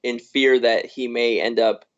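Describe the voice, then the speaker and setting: A man's voice: medium pitch, steady tone, measured pace. A man co-hosting a podcast, rambling through his points about a film with restarts and "you know"s. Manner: rambling, restarts, frequent laughs. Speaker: podcast co-host. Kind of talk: casual film review chat. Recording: muffled lo-fi live stream audio.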